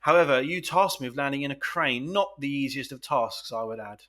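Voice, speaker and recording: A man's voice: medium pitch, animated, a little fast, few pauses, fairly bright tone. A man co-hosting a podcast, arguing his own defence in a mock court with a pompous lawyerly manner.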